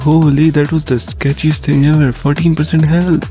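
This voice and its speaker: A man giving casual let's-play commentary on his gaming channel, excitable and jokey, often panicking at what happens on screen. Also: a little high, normal speed, few pauses, faint music behind.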